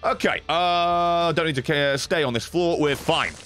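A man's voice: fairly high pitch, measured pace. A man commentating casually on a video game, joking and swearing a lot. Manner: swears a lot, jokey and excitable. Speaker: streamer. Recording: game music behind.

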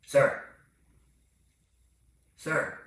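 A man playing a patient, deadpan crisis hotline operator who answers with hesitant fillers. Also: very slow. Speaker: prank call partner. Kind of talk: prank call comedy. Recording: echoey and distant with faint noise.

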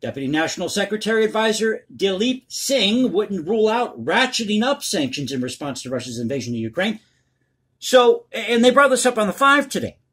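A man's voice: sits high, fairly bright tone, husky. A man hosting his own channel, giving blunt, crass, opinionated commentary on the news. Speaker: political commentary host.

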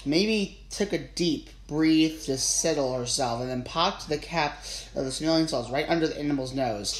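A narrator giving a plain, steady storybook reading of an audiobook. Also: mid-range voice, normal speed. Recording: roomy with faint ambience.

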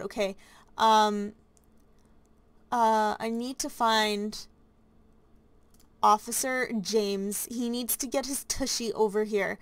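A woman's voice: medium pitch, steady tone, a little slow, long pauses, dry recording. A woman narrating a life-simulation game in a chatty, anxious way, full of fillers. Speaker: let's play host.

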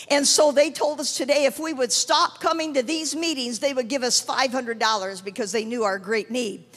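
A woman preacher tells a testimony in sermon style, her voice high and carrying. Her storytelling builds to shouted proclamations, and each word trails off into the long reverb of a big hall.

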